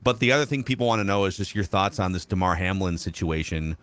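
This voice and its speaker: A man's voice: low voice, animated, fast, fairly bright tone, smooth. A man hosting a sports podcast, setting up questions in a loose, rambling, self-deprecating way. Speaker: podcast host. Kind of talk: podcast interview.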